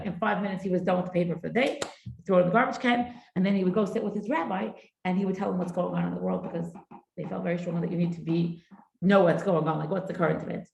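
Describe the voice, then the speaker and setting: Middle-aged woman with a gravelly, echoey voice. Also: fairly low pitch, fairly even intonation, fast talker, a little mellow, lo-fi sound, a little hiss or hum. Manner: chatty, full of fillers and Hebrew and Yiddish terms. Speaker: parenting class teacher. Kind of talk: informal class talk to a group.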